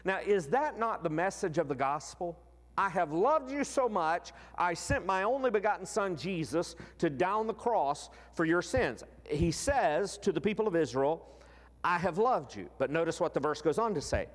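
A man preaching a sermon in an expressive way, slowing down to stress key words. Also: sits high, big-room sound. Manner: expressive, slows down for emphasis.

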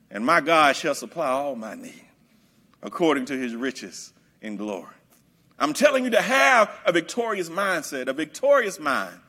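A male preacher delivering a sermon in an emphatic, repetitive way, bursting into shouts. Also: sits high, slightly rough.

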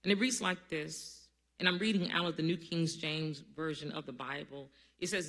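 A pastor preaching a sermon in a church, calling for responses from the congregation and building to loud, emphatic peaks. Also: medium pitch, moderate pace. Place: church sanctuary.

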